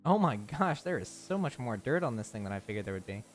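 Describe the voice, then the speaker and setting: This young man's live-stream chat is loose and joking, his medium-pitched voice sing-song and quick. Faint music plays behind him as he rambles and answers viewers with lots of laughter.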